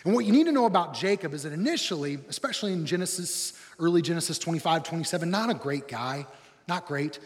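A male pastor delivers a sermon in a church auditorium, telling his story with humor and energy. His voice sits high for a man. A long reverb from the big room trails behind him. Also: expressive, fast, few pauses.

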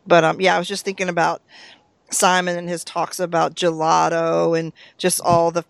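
Easygoing podcast co-host with a gravelly, dry-sounding voice, leading a relaxed chat through set questions. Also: mid-range voice, normal speed, no room sound. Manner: easygoing, asks numbered questions, chuckles often. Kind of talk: casual discussion of a TV episode.

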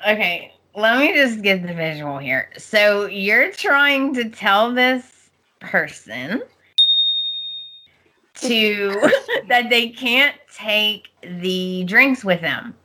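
A woman hosting a podcast, drawing her words out slowly as she reacts to a story. Her voice is bright and fairly high, and it swoops around a lot. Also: big pitch swings. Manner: reacting and laughing, slow and drawn out. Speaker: podcast host. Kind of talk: casual chat.

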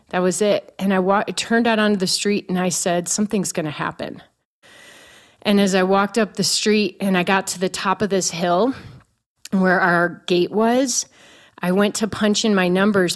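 A woman in her forties telling a personal story to a host. She is candid and self-mocking and laughs along the way. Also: lowish voice. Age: 40s. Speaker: guest.

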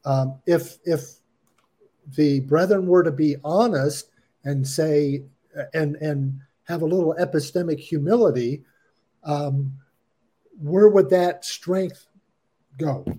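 A middle-aged man talks through ideas in a reflective podcast discussion, taking his time over each point. His voice sits a touch high for a man but sounds soft and dark in tone. His delivery is measured and thoughtful, slow and unhurried. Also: breathy edge.

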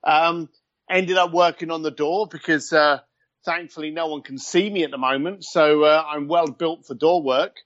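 A man's voice: a little high, steady tone, fairly bright tone, no echo. Chatty East London man on a muffled line. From East London, England. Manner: chatty and self-deprecating, quick with a joke. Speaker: guest, luxury concierge. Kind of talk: casual interview chat over a call.

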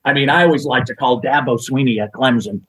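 A man telling lively anecdotes as a podcast guest, acting out quotes and laughing as he goes. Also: medium pitch, fast, a little hiss or hum, low-quality recording. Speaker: guest, executive search consultant. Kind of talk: storytelling in a podcast interview.

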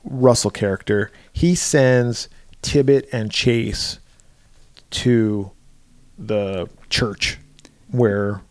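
A man's voice: on the low side, very slow, pauses often, darkish tone, no echo, clean studio sound. A man co-hosting a podcast, casually retelling a film's plot with lots of fillers and swearing. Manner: loose, profane, recaps plot with filler words. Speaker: podcast co-host. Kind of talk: casual movie-recap chat.

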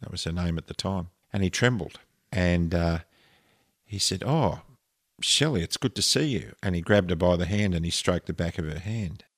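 Man, very deep voice, earnest and emotional storytelling, dry close sound. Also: steady tone, moderate pace, no echo. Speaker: interview guest. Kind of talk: personal story told in conversation.

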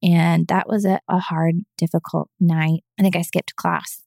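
Woman telling her story on a podcast, earnest and emotional, lowish gravelly voice. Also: little pitch movement, a little slow, darkish tone, no room sound, studio quality. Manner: acts out quoted voices. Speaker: podcast guest. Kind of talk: personal testimony in an interview.

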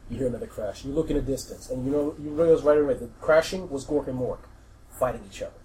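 A man narrating as game master in a tabletop game, animated, rephrasing as he goes and laughing often. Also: mid-range voice, quick pace, a little hiss or hum, poor audio.

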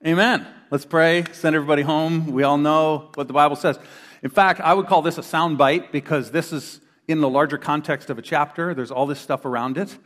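A middle-aged male pastor preaches in a fairly high voice, acting out little quoted voices as he tells his stories. His words ring out with the long reverb of a big church hall. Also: brisk. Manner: animated storyteller who acts out quoted voices. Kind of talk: sermon. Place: church hall before a congregation.

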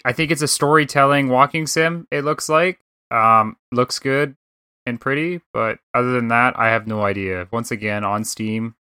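Casual gaming-show host, male, Canadian accent, bright dry voice, rambling and swearing. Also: mid-range voice, clear, resonant tone, dry recording. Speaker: podcast host.

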